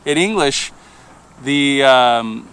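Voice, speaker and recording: A man's voice: mid-range voice, expressive, drawn-out words, fairly bright tone, a little hiss or hum. A middle-aged Italian man with an Italian accent, a language instructor chatting casually and joking about animal noises. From Italy. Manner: jokey, playful, imitates animal noises. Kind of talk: casual chat.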